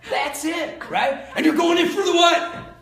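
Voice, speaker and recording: A man giving a lively, joking seminar talk to an audience, quizzing them with fill-in-the-blank questions. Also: extremely high pitch, a little slow. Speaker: sales trainer. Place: large indoor room with an audience. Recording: echoey hall from far off, faint noise.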